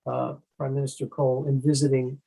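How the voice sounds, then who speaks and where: A man speaking as the author in an interview over a video call, giving measured, earnest answers with frequent pauses and restarts. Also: medium pitch, monotone, gravelly, mellow, breathy edge, low-quality recording.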